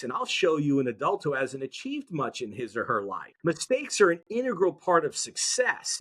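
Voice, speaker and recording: Animated, upbeat motivational man. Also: high-pitched. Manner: energetic, motivational, audience-engaging. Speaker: podcast guest, mindset educator. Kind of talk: conversational interview.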